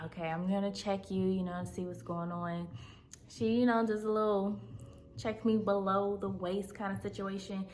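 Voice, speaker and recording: A woman in her thirties from Southern California tells a personal story time straight to her viewers. She talks in a chatty, confiding way, often stopping to check that they are following. Her voice sits at an ordinary middle pitch, with faint room ambience behind it. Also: fairly bright tone, a little hiss or hum. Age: 30s. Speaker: vlogger.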